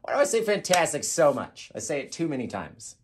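Lively chatty man teaching painting. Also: fairly high pitch, brisk. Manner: chatty, encouraging, repeats phrases; jumps into a loud, upbeat radio-style voice for his intro takes. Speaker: painting instructor. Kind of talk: live painting tutorial.

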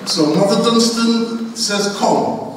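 A man's voice: fairly high pitch, animated, takes it slowly. A man giving a funeral tribute in church, telling a chatty personal story to the congregation. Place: large church hall. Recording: echoey church hall, far from the mic, faint hiss.

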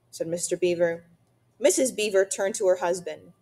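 A woman reading a children's novel aloud, narrating steadily and clearly. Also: on the low side, normal speed, darkish tone. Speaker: reader.

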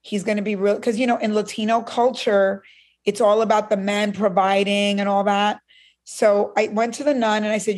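Speaking at a normal speed in a medium-pitched voice, a middle-aged woman from Cuba shares a personal story as an interview guest. She tells it animatedly, performing the words of others.

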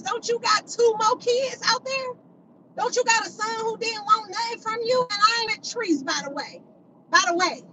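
A woman's voice: extremely high pitch, pushed and bright, a little hiss or hum, low-quality recording. A woman, ranting angrily and profanely at critics on a phone livestream, repeating her insults again and again. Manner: confrontational, profane, repetitive insults. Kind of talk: angry livestream rant.

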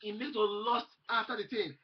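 Fervent preacher with a husky voice. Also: male voice, high voice, steady tone, normal speed, muffled recording. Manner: fervent preaching, repeats phrases, reads and quotes scripture. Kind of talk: sermon.

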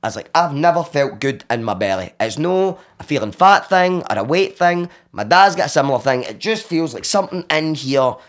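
A Glaswegian man tells a wild story with comic energy, his slightly high voice leaping up and down. He swears freely, laughs often and throws himself into acting out the other voices in his tale. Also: very animated, fairly quick, few pauses. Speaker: podcast guest.

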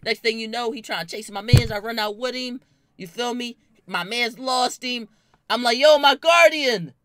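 A young man casually telling a wild story from his own life, animated and full of slang and swearing. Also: very high voice, normal speed, clear, resonant tone, no echo, studio quality. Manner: animated, slangy, swears a lot, bursts into loud laughing shouts.

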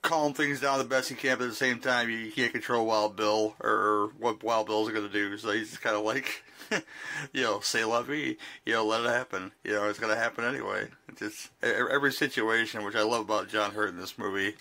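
A man's voice: on the low side, steady tone, fairly quick, bright, forceful tone. A man co-hosting a podcast, chatting casually about a movie, rambling with frequent restarts. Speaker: podcast co-host. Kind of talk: casual movie-discussion chat.

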